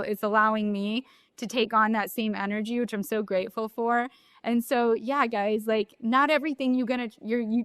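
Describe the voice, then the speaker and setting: Earnest woman co-host with a bright, higher voice for a candid chat show, dry close mic. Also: no echo. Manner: earnest, reflective. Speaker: podcast co-host. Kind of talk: casual chat. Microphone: remote recording.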